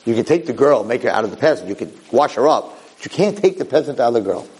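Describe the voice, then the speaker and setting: A man's voice: mid-range voice, lively intonation, fast talker, a little mellow, husky, low-quality recording. A man voicing panicked royal advisors who scold their young king. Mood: exasperated. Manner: exasperated, scolding.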